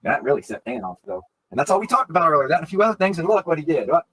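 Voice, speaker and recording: A man's voice: fairly high pitch, sing-song, rapid-fire, a bit bright, slightly rough, poor audio. A man ranting on a live stream, profane, confrontational and rambling.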